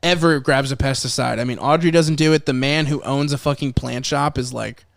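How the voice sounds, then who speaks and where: A man hosts a film podcast, chatting casually and animatedly, swearing freely and acting out scenes from the movie. His medium-pitched voice is creaky and fairly quick. The studio-quality recording has no room sound.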